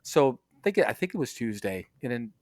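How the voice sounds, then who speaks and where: A man's voice: mid-range voice, sing-song, brisk, dry recording. A man co-hosting a podcast, telling a rambling story in casual chat, swearing and laughing as he goes. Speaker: podcast co-host.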